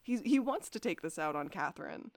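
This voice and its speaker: A woman's voice: lowish voice, fairly quick, no echo. A young woman co-hosting a podcast, recapping a TV episode in casual chat and often laughing. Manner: animated, laughs often, acts out quotes. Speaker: podcast co-host.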